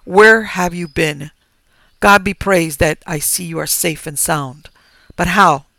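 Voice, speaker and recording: A man plays an anxious police chief in a storybook, pressing with urgent, insistent questions. His voice is gravelly and forceful, and it sits a little high in pitch. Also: slow pace, no echo, full character voice.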